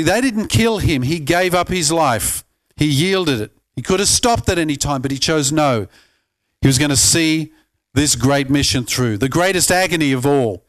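A pastor earnestly preaching a sermon, often climbing to emphatic peaks and stumbling over repeated words. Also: male voice, on the high side, fairly bright tone.

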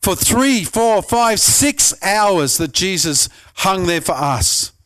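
Pastor guy giving an earnest sermon, voice a bit on the high side, gets emphatic. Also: big pitch swings, slow, a bit bright. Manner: earnest preaching, rising to emphatic peaks, with repeated restarts.

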